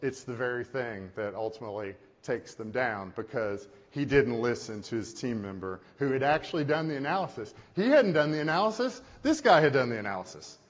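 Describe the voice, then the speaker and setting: Male CEO keynote speaker, conversational storyteller, mid pitch, roomy lo-fi hall sound. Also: expressive, brisk, hardly any pauses. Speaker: company CEO and conference speaker. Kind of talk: keynote presentation. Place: conference hall. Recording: echoey hall, dull lo-fi sound.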